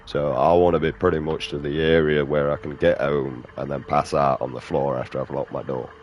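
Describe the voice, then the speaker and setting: A man's voice: extremely low pitch, level tone, a little fast, muffled recording. A man rambling and swearing casually while playing a video game. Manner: rambling, profane, drawling. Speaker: gaming streamer.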